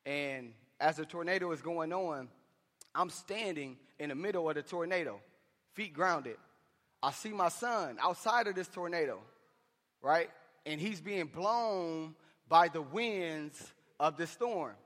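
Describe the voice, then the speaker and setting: A man with a high, somewhat bright voice preaches a sermon at a measured pace, impassioned, expressive and conversational, with slangy asides. He speaks in a large church hall, where a long reverb trails every phrase.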